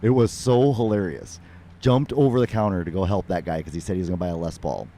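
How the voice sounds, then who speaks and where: A man hosting a podcast, telling a story casually in a halting, rambling way, with many fillers and restarts. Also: low-pitched, warm tone, slight background noise. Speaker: podcast host. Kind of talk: casual conversation.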